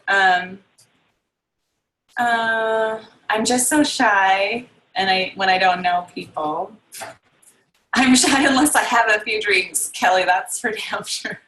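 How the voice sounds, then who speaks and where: A woman's voice: mid-range voice, slow pace, bright, forceful tone. A woman hosting a casual team video call, rambling and reading out comments, with lots of ums and likes. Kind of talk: casual chat. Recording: echoey room on a video call.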